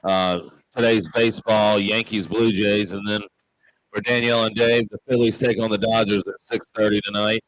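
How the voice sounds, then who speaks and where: A man from Memphis with a Southern accent, a pub owner and show host, rambling through stories with plenty of pauses and fillers. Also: fairly low pitch, level tone, poor audio. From Memphis, Tennessee. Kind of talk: casual chat.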